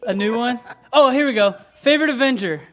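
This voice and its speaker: A man's voice: very high voice, fairly quick, a bit bright, slight background noise. A man leading a youth ministry night, upbeat and joking with the room as he runs a game and a lesson. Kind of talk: lively youth group game and teaching.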